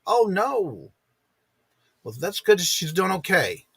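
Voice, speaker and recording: A man's voice: sits high, wildly swooping pitch, slow pace, vocal fry, bright, forceful tone, breathy edge, no echo. A man hosting a live morning stream. He chats casually and greets his viewers one by one by name.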